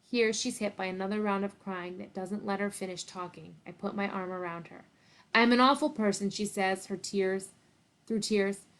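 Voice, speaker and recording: A woman's voice: mid-range voice, flat delivery, normal speed. Woman principal reading a novel aloud.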